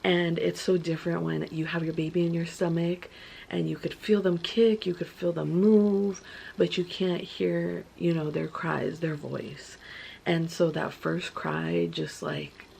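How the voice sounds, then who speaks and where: A woman's voice: on the low side, steady tone, a little slow, gravelly, darkish tone, slight background noise. A young woman vlogger telling her story in a casual, chatty way, full of filler words.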